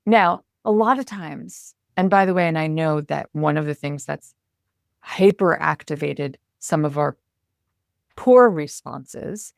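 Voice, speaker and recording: A woman guest on a podcast, a communication coach talking in an animated, expressive way and acting out her inner self-talk. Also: low-pitched, unhurried, gravelly, no room sound, studio quality. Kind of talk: conversational interview.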